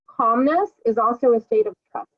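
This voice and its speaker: Woman in her thirties, coach on a group call; candid, swears freely, higher voice, tinny phone-like sound. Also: moderate pace. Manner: candid, profane, filler-heavy. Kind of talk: casual motivational talk.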